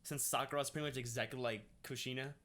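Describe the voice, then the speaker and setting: A young man with a bright, forceful voice co-hosts a casual podcast. He talks excitedly and swears freely, often tripping over and restarting his sentences. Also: mid-range voice, fast talker. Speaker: podcast co-host. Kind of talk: casual chat.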